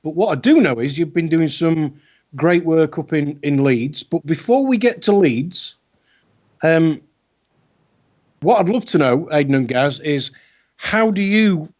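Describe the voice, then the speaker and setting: A man's voice: fairly high pitch, a little mellow. A man co-hosting a casual chat show, rambling and chatty with plenty of fillers. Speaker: co-host. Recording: dull lo-fi online call audio.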